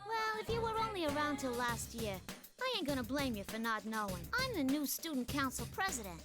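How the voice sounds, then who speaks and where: A woman's voice: high voice, big pitch swings, fairly quick. A woman voicing a spirited teenage girl student council president in a video game, with a Southern accent and blunt, folksy talk. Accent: American Southern. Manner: blunt, folksy, says "ain't". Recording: game dialogue over music.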